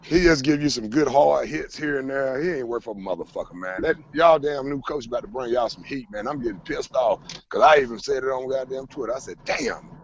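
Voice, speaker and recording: A man's voice: medium pitch, fairly quick, few pauses, muffled recording. A man hosting a casual sports talk show, heated and rambling, swearing constantly. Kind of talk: casual profane sports chat.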